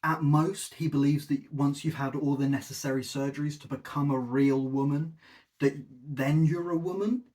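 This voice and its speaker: A man's voice: fairly high pitch, steady tone, normal speed, a little mellow. A man hosting a video essay, giving a sarcastic, exasperated critique with mocking asides. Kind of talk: scripted-ish critical commentary.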